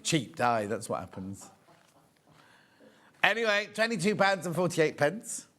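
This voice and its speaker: A man's voice: fairly high pitch, sing-song, a little slow, fairly bright tone. A man in his sixties presenting a live shopping show, chatting and bantering with viewers while he shows products. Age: 60s.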